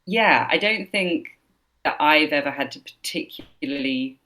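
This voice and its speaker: A woman being interviewed as a game developer guest, answering thoughtfully and pausing now and then to find her words. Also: sits low, animated, pushed and bright.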